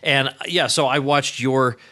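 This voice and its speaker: A man hosting a podcast interview, talking in an energetic, chatty way with quick asides. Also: medium pitch. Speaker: podcast host. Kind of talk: casual interview.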